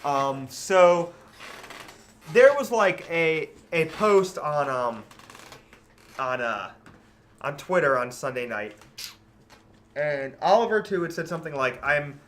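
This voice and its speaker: Man, podcast co-host, casual chat, rambling, bright tone. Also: a little high, lively intonation, slow, pauses often. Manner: rambling, laughs often, many fillers.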